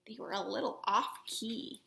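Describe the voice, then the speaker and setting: A woman reading a picture book aloud to children, playful and animated, with soft asides. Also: a little high, moderate pace, vocal fry, reverberant, a little hiss or hum. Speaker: children's story reader. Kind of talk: read-aloud storytelling for children.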